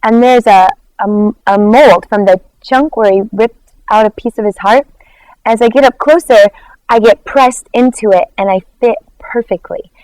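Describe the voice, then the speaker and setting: A woman's voice: a little high, normal speed, clear, resonant tone, no echo, low-quality recording. Woman sharing her testimony, chatty lots of "like", acts out the voices, dry close sound. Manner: animated storytelling, acts out quoted dialogue; frequent "like" fillers. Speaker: worship leader. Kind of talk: personal testimony in an interview.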